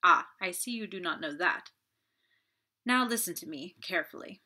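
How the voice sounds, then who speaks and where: Woman narrator reading a calm older male detective, gentle, measured, bright voice. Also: fairly low pitch, full character voice.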